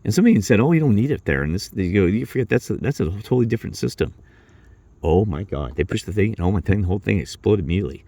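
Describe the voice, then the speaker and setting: Low gravelly man telling a rambling work story. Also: lively intonation, racing, mellow, no echo. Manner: rambling, acts out coworkers' lines with raised pitch. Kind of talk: casual storytelling monologue.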